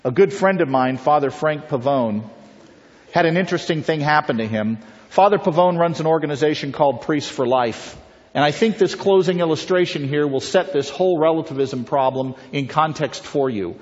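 A man delivers a persuasive talk, moving between stories and rhetorical questions aimed at his listeners. His voice sits slightly high for a man. The recording is muffled and lo-fi, with a long reverb trailing each phrase. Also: normal speed. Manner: rhetorical, storytelling, puts questions to the audience. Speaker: pro-life speaker. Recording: reverberant, dull lo-fi hall recording.

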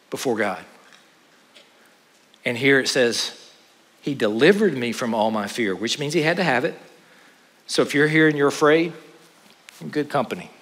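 A man preaching a sermon with dynamic delivery, rising to loud exclamations and dropping to hushed asides. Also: fairly high pitch. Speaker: pastor. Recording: long hall reverb.

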